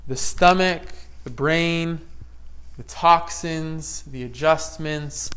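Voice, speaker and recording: A man who works as a chiropractor, giving an energetic motivational health talk to a live audience. He speaks emphatically in casual, slangy phrases and repeats his key lines. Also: fairly high pitch, measured pace.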